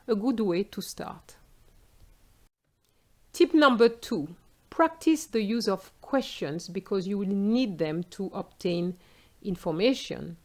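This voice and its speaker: Slow, patient French woman teacher. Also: on the low side, a little mellow. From France. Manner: slow, clear explaining, switching into example phrases. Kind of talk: exam tips lesson.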